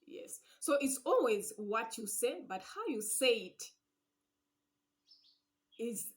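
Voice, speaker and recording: A woman hosting a faith-based relationship channel, giving earnest advice in a casual way, repeating her points with "yes" and "you know" and often trailing off softly. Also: a little high.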